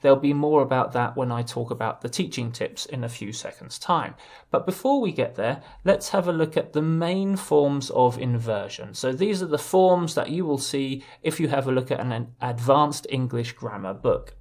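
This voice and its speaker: A man teaching a legal English writing lesson, explaining clearly and restarting words now and then. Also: medium pitch, moderate pace, darkish tone. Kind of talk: video lesson.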